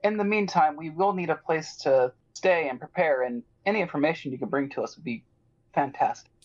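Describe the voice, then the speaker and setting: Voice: mid-range voice, a little fast, highs cut off, lightly acted. A player voicing a poised noble lady adventurer, speaking in formal, courtly tones.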